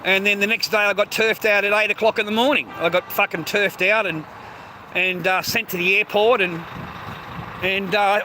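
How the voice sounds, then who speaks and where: An Australian man in his fifties, ranting aggrieved and profane in a vlog, stammering over restarts. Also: high voice. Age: 50s. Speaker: vlogger. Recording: noisy outdoor street recording.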